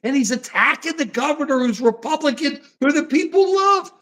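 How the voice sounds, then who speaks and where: High-pitched guy rambling on a political live stream, all worked up, casual chat. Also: normal speed. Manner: animated, rambling, keeps apologizing and handing over. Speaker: co-host of a political livestream.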